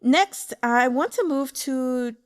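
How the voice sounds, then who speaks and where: An excitable woman hosts a casual book chat and talks about a novel she loves. She stops to coach listeners on how to pronounce names, tone by tone, in a chatty and enthusiastic way. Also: high-pitched, slow pace. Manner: excitable, teaches Mandarin name pronunciation. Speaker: book club host.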